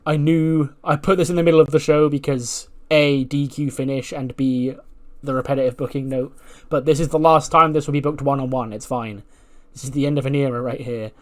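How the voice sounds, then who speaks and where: A man's voice: mid-range voice, steady tone, a little fast. A man casually narrating a wrestling management game, rambling with lots of fillers. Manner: rambling, lots of "like" and "you know". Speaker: let's play narrator.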